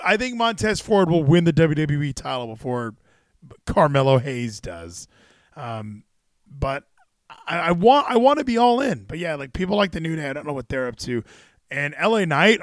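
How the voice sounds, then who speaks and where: A man hosting a casual wrestling chat stream, excitable and rambling. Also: a little high, dry recording, clean studio sound. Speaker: stream host.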